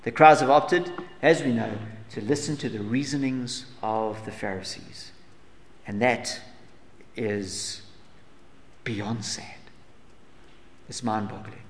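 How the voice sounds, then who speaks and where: A man's voice: medium pitch, measured pace, a little hiss or hum. Earnest male preacher in a reverberant hall. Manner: earnest preaching, rhetorical questions, swelling and dropping to soft asides. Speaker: pastor. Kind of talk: sermon.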